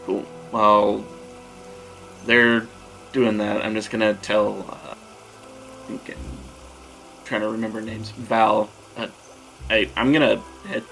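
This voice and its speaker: Casting: low, gravelly man, casual and joking at a game table, music behind. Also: little pitch movement, slow pace, pauses often, bright, forceful tone, a little hiss or hum, poor audio. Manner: hesitant, joking, trails off. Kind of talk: casual tabletop role-play.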